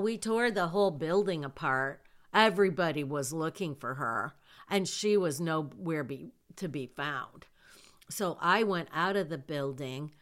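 Woman, low voice, unhurried, casual storytelling, emphatic asides. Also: a bit bright. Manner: emphatic, retelling events with vivid asides. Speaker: mother telling a personal story.

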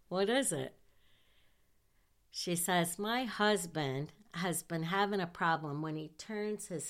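A woman who works as a nurse, telling a personal story in a lively, chatty way, dropping to hushed asides for effect. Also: fairly low pitch.

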